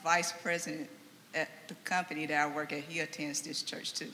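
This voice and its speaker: A woman in a live audience answering a comedian's questions, shy and halting. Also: low-pitched, little pitch movement, sharp tone, slight background noise. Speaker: audience member. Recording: faint live venue mic with reverb.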